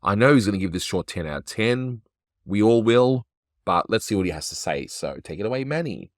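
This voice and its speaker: A man's voice: lowish voice, animated, a little fast, no echo, clean studio sound. A man hosting a show, casually reviewing an old cartoon with wry, rambling asides. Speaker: host.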